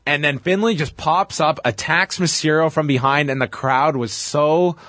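A man co-hosting a casual chat show, recapping wrestling matches play by play in an animated way. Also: fairly high pitch, normal speed, dry recording. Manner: lively, animated storytelling. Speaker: podcast co-host recapping wrestling.

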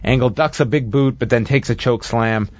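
A man in a casual podcast chat rattles off match recaps in an even, mid-pitched voice, dropping dry, sardonic jokes between moves. The recording is close and dead, with no room sound, and slightly dull and lo-fi. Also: moderate pace, no room sound. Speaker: podcast co-host reviewing wrestling.

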